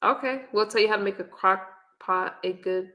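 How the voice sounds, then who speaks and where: A middle-aged woman hosting a casual livestream, chatting in a relaxed way and reading viewer comments and recipes aloud. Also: medium pitch, moderate pace. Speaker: livestream host. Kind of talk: casual live-stream chat. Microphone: webcam or phone on camera.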